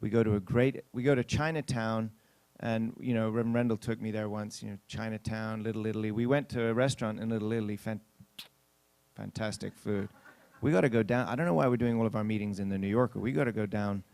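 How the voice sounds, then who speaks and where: Chatty pastor telling a story, dry sound. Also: male voice, lowish voice, fairly even intonation, quick pace, darkish tone, clean tone, no room sound. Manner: chatty anecdotal telling with acted-out quotes; addresses the congregation directly. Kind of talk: storytelling sermon.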